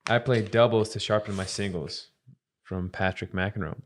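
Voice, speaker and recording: A man's voice: lowish voice, fairly even intonation, moderate pace, slight background noise. A man co-hosting a podcast, reading a list of coaching tips in a casual way. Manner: reads out a list of tips, laughing lightly.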